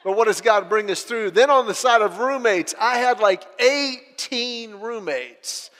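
A middle-aged man with a notably high voice tells humorous personal stories to a live audience. He is animated and self-deprecating, restarting his phrases as he goes. His voice carries the long reverb of a large hall. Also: normal speed. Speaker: speaker sharing a personal testimony.

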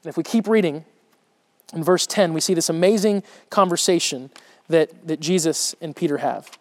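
High-voiced man preaching in a hall. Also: moderate pace. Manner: conversational, frequent restarts and repeated words. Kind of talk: sermon.

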